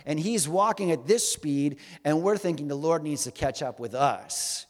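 Man, pastor, sermon, conversational and humorous, fairly high voice, long church reverb. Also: expressive, normal speed. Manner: conversational, humorous, asks the congregation questions. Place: church hall with congregation.

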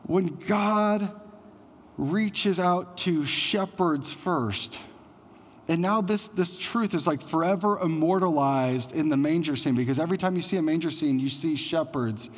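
Higher-voiced male pastor in a reverberant hall. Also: unhurried. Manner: conversational preaching with frequent "like" fillers. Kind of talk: sermon.

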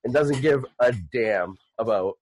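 A man chatting as a player in a tabletop game, laughing often and animated. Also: mid-range voice, a little slow, slight background noise. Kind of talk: casual tabletop game chat.

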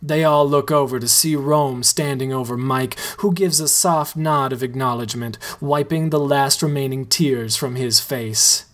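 A man reads a comedic story aloud in a slow, deadpan manner. His voice sits at a middling pitch, and his delivery is unhurried. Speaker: story reader.

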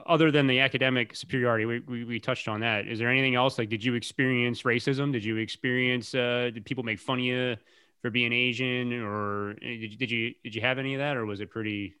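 A male podcast host with a bright, forceful voice, joking and laughing easily. He steers a loose chat by tossing questions to his guest in a mid-pitched tone. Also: smooth.

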